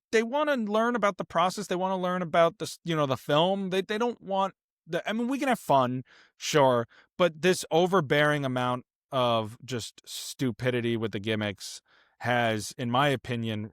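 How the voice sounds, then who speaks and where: A man's voice: medium pitch, normal speed, smooth, no room sound, clean studio sound. A man co-hosting a casual film podcast, talking in an earnest, opinionated way with plenty of fillers and restarts. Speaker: podcast co-host.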